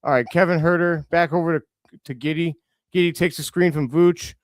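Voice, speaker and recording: A young man hosts a live basketball reaction stream, mixing play-by-play with exasperated scolding of the players and quick self-corrections. His excitable voice sits slightly high and sounds close and dry, with no room sound at all.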